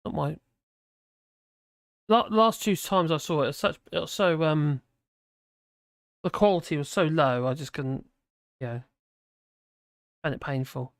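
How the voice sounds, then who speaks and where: A man's voice: a little high, measured pace, pauses often, dry recording, studio quality. A tired man hosting a livestream, rambling casually through viewer chat and slurring his words a little. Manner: rambling, with frequent restarts and fillers.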